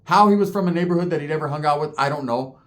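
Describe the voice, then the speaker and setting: A man telling a story in a casual, profane way, full of slang and constant "right?" checks. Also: fairly high pitch. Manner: acts out other people's lines in quick voices. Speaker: podcast guest telling a story.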